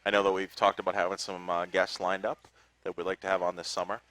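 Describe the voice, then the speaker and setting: A man's voice: low-pitched, level tone, fast talker, fairly bright tone. A man co-hosting a live broadcast outdoors at a parade, reading thank-yous with many fillers. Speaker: co-host. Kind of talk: casual live broadcast chat.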